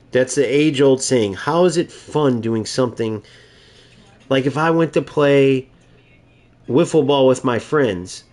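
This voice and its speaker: A man's voice: mid-range voice, a little mellow. A young man, a gaming YouTuber, ranting in mocking, exasperated gameplay commentary.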